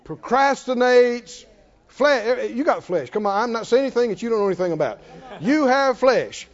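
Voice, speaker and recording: A male preacher delivering a sermon, exhorting his listeners and breaking into shouted laughter. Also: extremely high pitch, animated, moderate pace, muffled recording.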